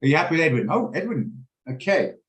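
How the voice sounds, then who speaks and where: A man's voice: fairly high pitch, very animated, fast, reverberant, poor audio. A man hosting a live trading lesson on a video call, explaining his orders and checking in with attendees by name. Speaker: trading room host. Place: home office on a video call.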